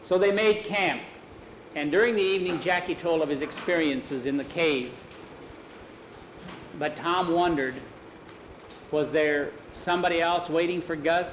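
A man's voice: fairly high pitch, measured pace, long pauses, roomy sound, lo-fi sound, a little hiss or hum. A man telling an improvised adventure story aloud in a casual way, with restarts and many "he said"s. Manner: casual, repeats "he said", restarts words.

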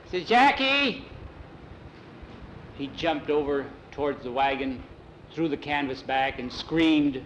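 A man's voice: medium pitch, fairly even intonation. Man telling a story, muffled hum. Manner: plain, unhurried telling with many "he says" tags and small restarts. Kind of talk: oral storytelling, told from memory.

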